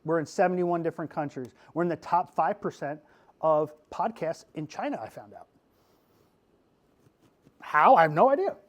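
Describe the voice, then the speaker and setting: Goofy middle-aged guy from pennsylvania talking to a class, kinda high voice, keeps saying okay?. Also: normal speed, pauses often. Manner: goofy, animated, asks "okay?" often. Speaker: podcast host giving a class talk. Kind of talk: lively classroom presentation.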